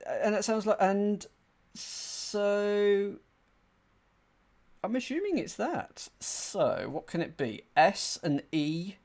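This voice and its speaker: A man streaming a crossword solve, thinking aloud in a chatty, self-deprecating way and reading clues out slowly. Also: mid-range voice, vocal fry, a little mellow. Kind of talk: casual thinking-aloud commentary.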